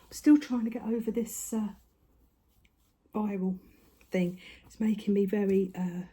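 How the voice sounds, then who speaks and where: A woman's voice: medium pitch, fairly even intonation, unhurried, mellow, slightly rough. An older woman, chatting casually on her craft vlog, a little out of breath, rambling with lots of tag questions. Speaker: craft vlogger. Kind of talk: casual chat to camera. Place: home room.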